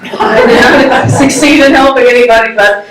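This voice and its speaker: A woman's voice: fairly high pitch, steady tone, moderate pace, crowd noise. Woman telling a story in a roomy hall. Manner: casual, self-mocking, laughs often. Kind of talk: live personal storytelling. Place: live stage before an audience. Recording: roomy sound from a distant mic.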